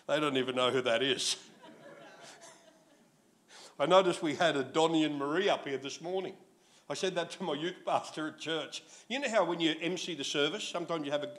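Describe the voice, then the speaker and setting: A man in his sixties with an Australian accent, preaching a sermon as pastor in a jokey, animated storytelling manner. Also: on the high side.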